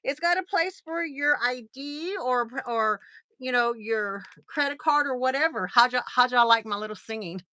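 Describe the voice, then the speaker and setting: A woman's voice: high voice, moderate pace, bright, forceful tone, dry recording. A woman, chatting casually on a livestream, rambling with lots of fillers and gushing thanks. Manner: gushing and effusive when thanking viewers. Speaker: livestream host.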